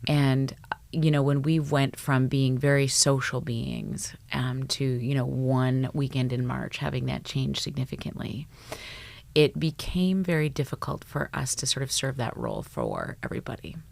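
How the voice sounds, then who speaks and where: A middle-aged woman speaks on a podcast as a psychologist guest. She has a low voice with a gravelly edge and an animated, salty way of talking. She acts out snippets of dialogue. The sound is dry and close to a studio mic. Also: moderate pace, no echo. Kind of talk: casual podcast conversation.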